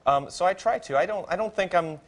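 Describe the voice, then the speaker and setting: A man's voice: sits high, a little fast. A man in his thirties, a guest on a TV talk show, chatting casually with many fillers and restarts and a self-mocking humor. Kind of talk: casual chat. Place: TV studio.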